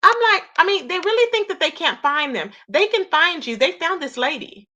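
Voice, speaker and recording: A woman's voice: sits high, sing-song, moderate pace, bright, forceful tone, dull audio. A woman hosting a casual gossip livestream, reading chat and reacting with lots of exclamations. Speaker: livestream host.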